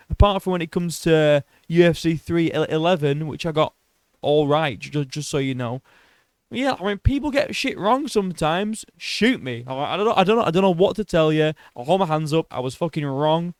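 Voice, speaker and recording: A man's voice: fairly high pitch, normal speed, smooth, no room sound. Blunt, sweary man talking fights. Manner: blunt, swears a lot, many restarts and self-corrections. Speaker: MMA commentator. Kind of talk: casual solo commentary.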